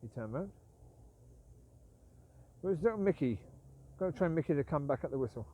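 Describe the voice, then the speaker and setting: A man's voice: on the high side, expressive, normal speed, highs cut off. A man talking to camera in a rambling, casual vlog monologue, aggrieved and self-justifying, repeating himself, while outdoors with his dogs. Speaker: vlogger.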